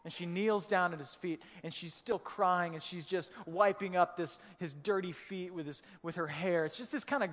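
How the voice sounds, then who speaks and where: A man, a pastor, preaching a sermon in a relaxed storytelling way, with humor and vivid retellings. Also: high voice, normal speed, few pauses, in a large hall.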